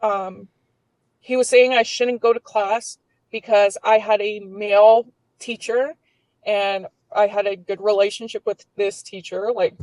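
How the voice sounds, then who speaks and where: A woman's voice: medium pitch, steady tone, measured pace, a little mellow, no room sound, low-quality recording. A woman in her twenties telling a personal story as a podcast guest, candid and swearing freely, with lots of filler words.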